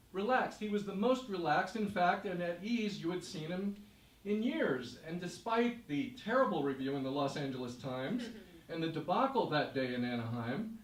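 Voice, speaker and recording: Man telling a story on stage, echoey. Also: high-pitched. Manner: second-person narration, vivid and measured. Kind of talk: live storytelling performance. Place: stage in a hall. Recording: echoey room, voice from far off.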